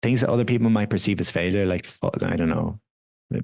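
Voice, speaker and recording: A man's voice: sits low, fast talker, vocal fry, a little mellow, no room sound. A middle-aged man, a wellness coach, telling candid personal stories in a casual podcast conversation, with frequent fillers and laughs.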